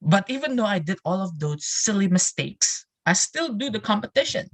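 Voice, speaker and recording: A man's voice: high voice, sing-song, moderate pace, fairly bright tone. Earnest man giving a motivational talk. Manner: earnest, repeats phrases, many restarts and asides; addresses listeners directly with "you know" and "right". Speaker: public speaking presenter in a live English class.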